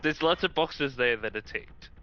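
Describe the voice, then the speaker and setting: A man's voice: mid-range voice, animated, moderate pace, pushed and bright. A man giving terse, dry remarks as a backseat co-commentator on a game. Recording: dull lo-fi line with faint clicking noise.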